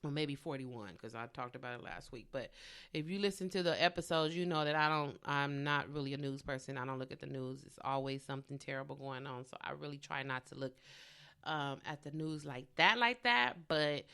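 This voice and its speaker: A woman's voice: a bass voice, fairly quick, gravelly, fairly bright tone, clear, resonant tone. A woman hosting a podcast alone, ranting casually and bluntly, swearing freely. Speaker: podcast host. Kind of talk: casual solo podcast rant.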